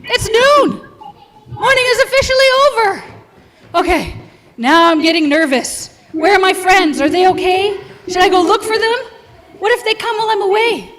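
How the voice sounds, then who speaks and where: A woman reading aloud as a fussy male egg who likes his quiet, in an expressive storybook manner. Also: sits high, a little slow. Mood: anxious. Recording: echoey hall.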